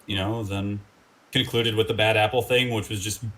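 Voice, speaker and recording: A man talking as a guest in a casual interview, rambling with lots of fillers and animated quotes. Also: on the low side, moderate pace, rough recording. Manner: rambling, filler-heavy, animated when quoting people. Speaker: guest musician.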